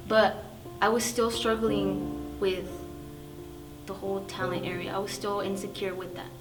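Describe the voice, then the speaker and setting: A woman's voice: mid-range voice, little pitch movement, moderate pace. Young woman sharing her testimony, chatty w lots of likes and ums, guitar playing under her. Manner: chatty, with many fillers and quoted inner thoughts. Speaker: youth testimony speaker. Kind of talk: personal testimony, casual storytelling.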